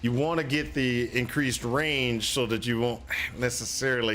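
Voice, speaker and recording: A man's voice: mid-range voice, fairly even intonation, normal speed, a bit bright. A man streaming a game, giving casual, rambling commentary full of restarts and exasperated exclamations. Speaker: gaming streamer.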